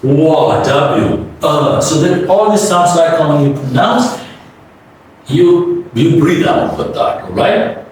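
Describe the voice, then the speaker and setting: A man's voice: fairly high pitch, lively intonation, slow pace, a little mellow. A man teaching English pronunciation in a step-by-step lesson, often checking in with his listeners. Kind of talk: spoken classroom lesson. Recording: roomy echo, mic at a distance.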